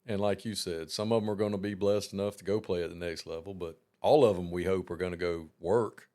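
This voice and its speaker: A man hosting a laid-back conversation with a coach. His voice sits very low and sounds smooth and resonant. He talks in an easygoing way, with frequent "you know"s. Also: fairly even intonation, a little fast, mellow. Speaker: podcast host interviewing coaches. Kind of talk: casual interview.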